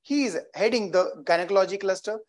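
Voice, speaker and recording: A man's voice: sits high, brisk. A man with an Indian accent hosting a virtual corporate event, cheering the audience on with energy and repeating rallying phrases. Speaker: event host.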